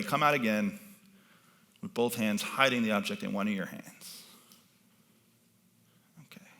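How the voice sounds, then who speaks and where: A man's voice: mid-range voice, pushed and bright. A man performing as a mentalist, leading a live audience through a participation game from an event stage with commanding, playful patter.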